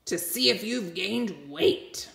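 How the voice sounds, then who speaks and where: A woman's voice: mid-range voice, expressive, vocal fry, reverberant, exaggerated voice. Woman doing a roaring hungry dragon. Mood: grumbling. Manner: roaring, slow and loud. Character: huge hungry grumpy male dragon.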